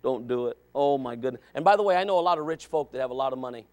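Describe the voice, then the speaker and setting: A man preaching a sermon as associate pastor, folksy and joking, swinging from quiet asides to loud shouted exhortation. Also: mid-range voice, expressive, racing. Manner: folksy, joking, with sudden dramatic emphasis.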